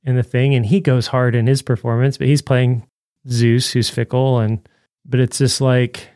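A man's voice: medium pitch, moderate pace, dry recording, studio quality. A man co-hosting a podcast, talking through a movie review in a loose, rambling way full of fillers. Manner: rambling, animated, frequent "like" fillers. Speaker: podcast co-host. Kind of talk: casual film review chat.

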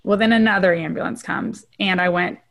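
A middle-aged woman, a trauma researcher, candidly telling her personal story as a guest in an interview and often checking in with a quick "right?". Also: medium pitch, fairly even intonation, gravelly, fairly bright tone.

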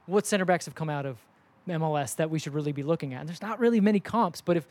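A man's voice: a little high, rapid-fire, no echo. A man co-hosting a casual sports podcast, talking animatedly and acting out what others say. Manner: animated, acts out quoted voices.

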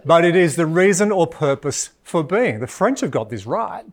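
An Australian man giving a live keynote in a large hall, joking and energetic as he talks with the audience. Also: on the high side, normal speed. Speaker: keynote speaker.

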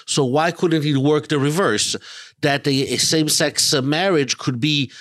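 A man who is a rabbi, speaking in a panel discussion in a measured way and pausing often on "uh". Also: on the high side, a bit bright, no room sound. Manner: measured, with frequent "uh" pauses.

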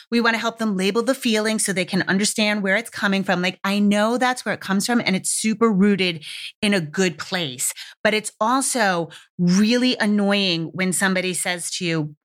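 A woman's voice: mid-range voice, fairly bright tone. A woman hosting a parenting podcast, giving frank, conversational advice with the odd swear word. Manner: frank, candid, casually profane, conversational. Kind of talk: casual advice podcast monologue.

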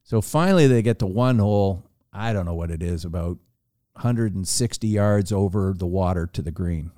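A man telling a long, animated anecdote on a podcast, with frequent restarts. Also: low-pitched, moderate pace, no room sound, studio quality. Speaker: podcast guest. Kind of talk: casual storytelling.

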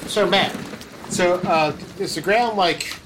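A man at a tabletop game with a high, bright voice that has a crisp edge. He jokes, asks the game master questions and keeps a playful tone. Faint hiss sits behind him. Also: slow, low-quality recording. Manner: jokey, laughing banter. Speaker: player.

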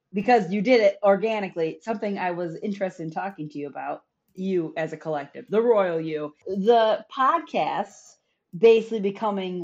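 A woman co-hosting a podcast, chatting casually and laughing a lot as she tells a story. The sound is a little dull and lo-fi. She talks at a middle pitch for a woman. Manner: laughs often, animated storytelling. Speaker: podcast co-host. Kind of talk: casual chat.

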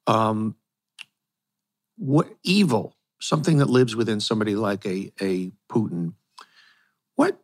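A man hosting an interview, asking long questions in an earnest, halting way. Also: on the low side. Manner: earnest, halting, searching for words. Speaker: host, interviewer.

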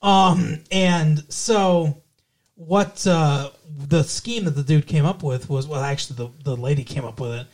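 Casual swearing man, fairly high voice. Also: a little slow, darkish tone. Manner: loose, swears freely, retells scenes with quoted voices. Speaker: podcast co-host. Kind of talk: casual movie-review chat.

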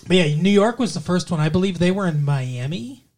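A man's voice: high-pitched, lively intonation, fairly quick, darkish tone. A man hosting a casual podcast chat, rambling, trailing off and correcting himself as he goes. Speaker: podcast host.

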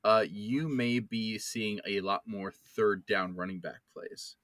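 A man co-hosting a casual sports podcast, excitable and playfully sarcastic. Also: lowish voice, slow, no room sound. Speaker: podcast co-host.

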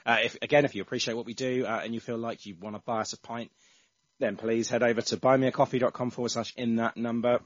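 A man's voice: medium pitch, steady tone, fast talker, dry recording. A man hosting a casual football podcast, chatty and full of restarts. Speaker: podcast host. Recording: dull, dry, lo-fi sound.

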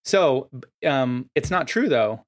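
A man's voice: medium pitch, expressive, slow pace. Casual man hosting a podcast. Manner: casual and explanatory, with many fillers. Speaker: podcast host. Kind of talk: solo podcast talk.

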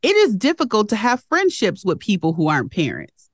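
A woman in her forties hosting a casual interview, talking quickly and expressively about parenting. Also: medium pitch, no room sound, studio quality. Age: 40s. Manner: expressive, quick, acts out family quotes. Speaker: interview host.

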